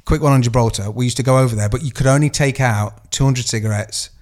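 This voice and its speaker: A man's voice: medium pitch, fast talker, a little mellow. Man rambling through a story. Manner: rambling anecdotal storytelling, swears freely. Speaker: podcast co-host. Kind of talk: casual chat.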